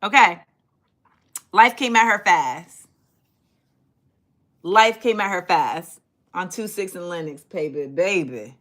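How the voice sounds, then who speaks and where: A middle-aged woman hosting a livestream, telling stories in an animated, dramatic way and acting out quotes. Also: on the low side, slow, pauses often. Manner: animated, dramatic retelling with acted-out quotes and laughter. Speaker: livestream host. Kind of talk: casual storytelling to a live chat.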